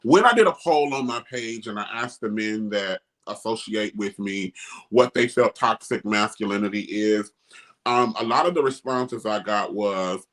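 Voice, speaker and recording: A middle-aged man with a lowish voice hosts a casual talk show at a moderate pace. He speaks emphatically and animatedly, quoting others in mocking voices during the discussion.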